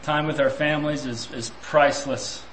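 Man preaching, reflective, rhetorical questions, slightly high voice, echoey hall. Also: fairly even intonation, normal speed, a bit bright, slight background noise. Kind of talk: sermon.

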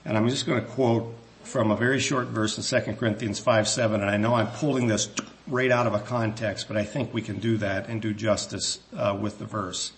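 A man preaching a sermon in a church, earnest and measured, with some hesitant restarts, slowing down when he reads scripture. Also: on the low side, fairly even intonation.

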